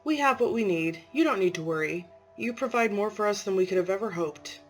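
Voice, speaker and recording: A woman's voice: medium pitch, expressive, a little fast, natural voice. Woman doing a self-effacing mother, polite and subdued, faint music behind. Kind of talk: amateur story reading.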